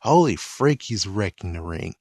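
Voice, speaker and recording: A man's voice: low-pitched, very animated, normal speed, a little mellow, slightly rough, no echo, studio quality. A man giving a casual, rambling recap of a cartoon episode, exasperated and swearing mildly. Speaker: video commentator.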